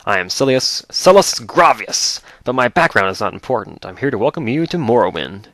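A man's voice: mid-range voice, sing-song, brisk, a bit bright, no echo. A man reading as a formal imperial captain. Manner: reading game dialogue aloud, formal. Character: formal imperial captain greeting a freed prisoner, male.

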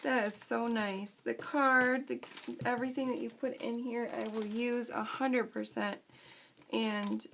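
A woman vlogger chatting casually as she unboxes craft supplies, gushing and excitable. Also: on the high side, unhurried, gravelly, slight background noise.

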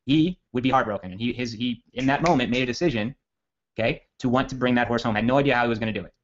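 A man giving a casual copywriting training, telling a long story in a rambling, self-correcting, energetic way. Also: medium pitch, rapid-fire. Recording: dull lo-fi audio.

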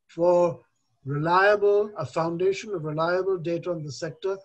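An older man from India speaking on a panel discussion, measured and deliberate, stressing key points. He talks over a video call. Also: high voice, breathy edge, lo-fi sound.

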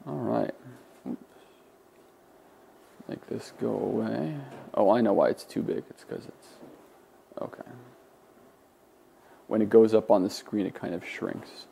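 A man's voice: fairly low pitch, unhurried, vocal fry, pauses often, dark tone, a little hiss or hum. A man teaching a Greek class, lecturing in a conversational way with many fillers and restarts. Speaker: Greek instructor.

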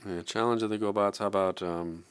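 A man co-hosting a podcast in casual banter, quick with wry comebacks. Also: fairly low pitch, fairly even intonation, clear, resonant tone, dry recording. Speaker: podcast co-host.

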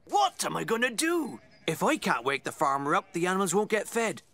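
A man's voice: sits high, big pitch swings, fairly quick, pushed and bright, heavily acted. A man voicing a friendly male rooster with a cold, sounding sniffly and sore-throated. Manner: cheery, homely, calls Henry "lad".

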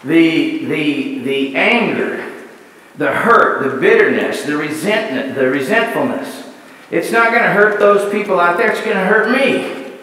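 High-voiced preacher in an echoey church. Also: male voice, expressive, a little slow, pushed and bright. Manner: repetitive rhetorical questions, building lists. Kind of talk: sermon. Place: church sanctuary. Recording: echoey church hall, distant mic.

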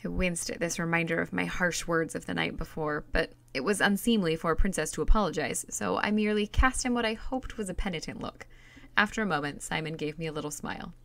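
Woman reading a novel, low and gravelly. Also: fast, a bit bright. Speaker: reader.

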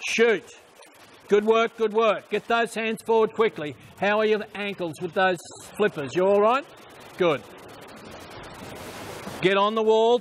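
A man coaching swimmers at a pool, calling out short repeated instructions and quick praise. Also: high-pitched, fairly bright tone, slight background noise. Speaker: swim coach. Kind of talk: poolside coaching commands.

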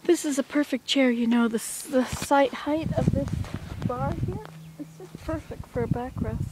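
A woman's voice: high voice, moderate pace, background noise. A woman vlogging outdoors by a marsh, chatting in a rambling, thinking-aloud way. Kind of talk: casual outdoor vlog chat.

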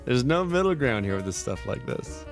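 A man's voice: medium pitch, sing-song, moderate pace, gravelly. A man hosting a casual live stream, tired but upbeat and chatty, laughing often as he thanks subscribers one by one. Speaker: livestreamer. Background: faint background music.

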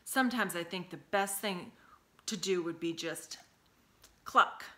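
A woman's voice: on the low side, a little slow, bright, forceful tone. A woman voicing a gloomy, self-pitying male watchman who talks glumly in a storybook reading. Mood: despondent. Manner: glum, despondent.

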